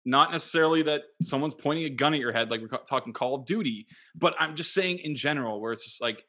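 A man's voice: on the high side, fast, pushed and bright. A man hosting a podcast, asking loose, rambling questions in a casual, laughing way. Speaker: podcast host. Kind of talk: casual interview.

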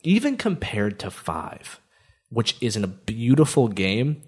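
A man's voice: medium pitch, big pitch swings, slow pace, a little mellow, breathy edge. A man in a casual chat, telling stories with eager enthusiasm and lots of fillers. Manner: enthusiastic rambling storyteller, many fillers.

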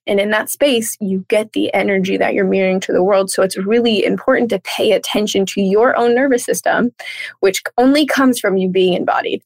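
A woman, a coach speaking as a podcast guest, talking in a bubbly, animated way and playfully acting out her inner thoughts. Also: medium pitch, fairly quick, dry recording. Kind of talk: casual podcast interview.

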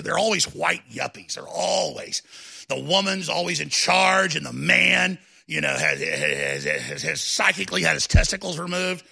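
A man hosting a talk show, delivering a combative political rant that builds into shouting. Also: high-pitched, creaky, breathy edge.

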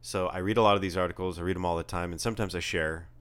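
A man co-hosting a podcast from his beachside apartment, chatting casually in a rambling, deadpan way. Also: low voice, rapid-fire, clean tone. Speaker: podcast co-host. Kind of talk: casual chat.

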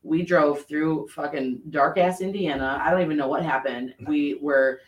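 A man hosting a podcast, telling stories in an animated way and swearing freely. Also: on the high side, moderate pace, highs cut off. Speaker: podcast host. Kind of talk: casual chat. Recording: roomy sound from a distant mic.

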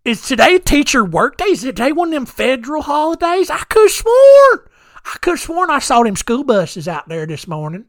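Host doing a bewildered drawling gunman, folksy and slow, high put-on voice, dry sound. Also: wildly swooping pitch, no room sound, heavily acted. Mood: puzzled. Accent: put-on country drawl. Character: confused drawling male gunman.

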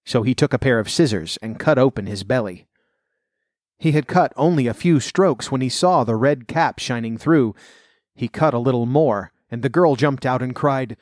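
A man calmly narrating a fairy tale in a measured storybook reading. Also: mid-range voice, no room sound, studio quality.

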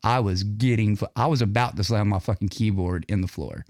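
Hosting a live online radio show, a man rants and swears angrily about his computer trouble. His voice is fairly low, fairly quick, and darkish, recorded at studio quality with no echo.

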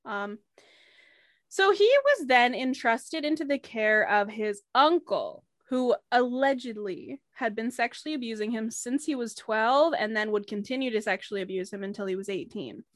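A woman co-hosting a casual podcast, with a fairly high voice. She talks in a chatty, blunt way, swearing and tossing in asides. Her voice sounds dry and close. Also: expressive, normal speed, no room sound. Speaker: podcast co-host presenting the episode's topic.

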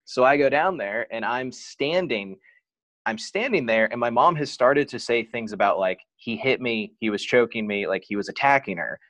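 A man's voice: mid-range voice, animated, normal speed, a bit bright, no room sound. A man talking as a podcast guest, telling a personal story openly and casually, with lots of "like" as filler. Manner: frank and open, heavy use of "like".

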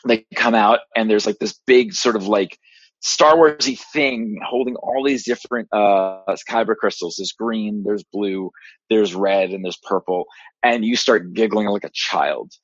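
A man telling a long, excited story as a podcast guest, rambling with many fillers and restarts. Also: fairly low pitch, measured pace, husky, no echo. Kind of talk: casual storytelling monologue. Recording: dry, slightly dull lo-fi podcast audio.

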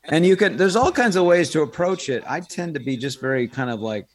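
Middle-aged american guy, voice actor telling stories in a chatty interview, lively. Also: fairly high pitch, a little fast. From United States. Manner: animated storyteller, drops into quoted voices. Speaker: guest, voice actor and impressionist. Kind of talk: casual interview chat.

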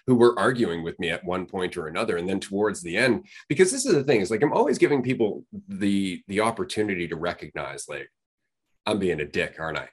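A man's voice: sits low, very animated, fast talker, few pauses, slightly rough. A man co-hosting a podcast in casual chat, blunt and swearing freely. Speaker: podcast co-host.

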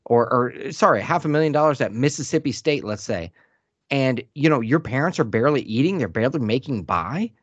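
A blunt, animated man argues about college sports in casual chat, his pitch swinging widely as he talks. The recording sounds dull and lo-fi, and the room is dead dry. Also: fairly quick, breathy edge, no echo. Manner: blunt, animated, says "dude" often.

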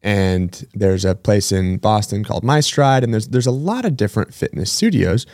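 Low-voiced man hosting a chatty podcast. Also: animated, moderate pace, darkish tone, no echo, clean studio sound. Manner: chatty, rambling with side-tracks and self-corrections. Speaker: podcast host. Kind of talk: casual solo podcast chat.

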